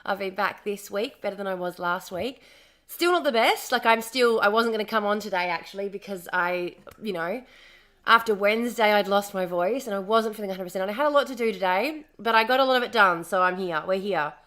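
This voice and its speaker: A woman hosting a casual livestream, chatty and bubbly, a little hoarse as her voice comes back after being sick. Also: medium pitch, a little fast, fairly bright tone. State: recovering from lost voice, slightly hoarse. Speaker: livestream host.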